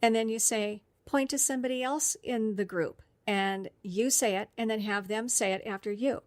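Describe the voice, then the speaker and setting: A woman's voice: fairly high pitch, normal speed, no echo. A woman speech therapist giving a friendly, explanatory professional development talk. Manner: friendly, explanatory, with occasional laughs. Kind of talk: instructional podcast talk.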